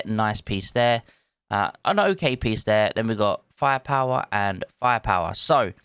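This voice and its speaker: A man's voice: mid-range voice, fairly bright tone, no room sound, clean studio sound. A man, chatting casually on a live stream, thinking aloud and greeting viewers from chat. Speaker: livestreamer.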